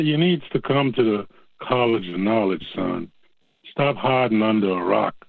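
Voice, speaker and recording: A man's voice: on the low side, creaky, dry recording. A man putting on a Southern US accent to play a folksy man scolding and egging on a youngster, heard over a phone line. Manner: drawling, teasing exhortation.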